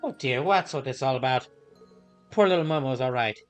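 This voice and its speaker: A man reading game dialogue aloud, voicing a gentle, chatty older woman shopkeeper in a soft, higher put-on voice. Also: animated, normal speed, soft background music, close to an everyday voice. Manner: gentle and polite.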